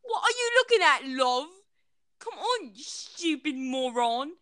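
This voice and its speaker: A woman's voice: high-pitched, very animated, a little slow, fairly bright tone, no echo, voice pushed up, exaggerated voice. A woman voicing a rude British chav girl in a mock British accent, taunting and calling everyone love.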